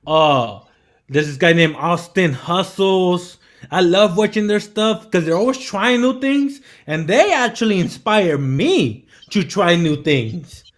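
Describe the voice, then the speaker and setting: A young man, the guest on a live stream, telling animated stories in casual chat, often saying bro and man. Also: sits high, slow pace. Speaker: guest entrepreneur.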